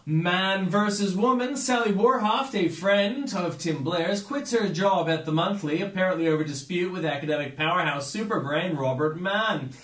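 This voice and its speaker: A man from Australia reads the day's headlines in a high voice. He slips dry, sardonic remarks in between the items. The recording has a noticeable room echo. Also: moderate pace, few pauses, a bit bright. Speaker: news headlines reader. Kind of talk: reading news headlines with wry asides.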